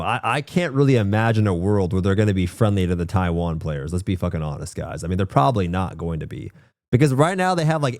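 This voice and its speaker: A man's voice: medium pitch, darkish tone, dry recording, studio quality. Rambling profane male streamer. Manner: rambling, profane slang, says bro a lot. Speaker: game streamer. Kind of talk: casual chat with viewers.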